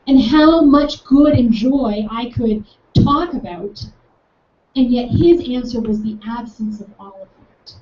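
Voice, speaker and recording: A young adult woman telling a personal story with enthusiasm, acting out both sides of a conversation. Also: fairly high pitch. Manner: enthusiastic, animated, acts out both sides of the dialogue. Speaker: speaker recounting a campus conversation. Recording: echoey, distant, dull room sound with faint noise.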